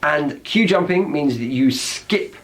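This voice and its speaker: A man's voice: fairly high pitch, animated, a little slow, vocal fry. A man with a British accent, explaining slang words in a chatty, teacherly way and acting out example phrases. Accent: British English. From Britain.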